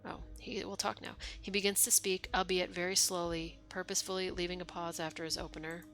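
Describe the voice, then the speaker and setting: A woman's voice: fairly low pitch, little pitch movement, a little fast. A woman streaming a video game, reading its narration aloud and reacting with casual asides. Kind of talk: reading game text aloud while playing. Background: game music.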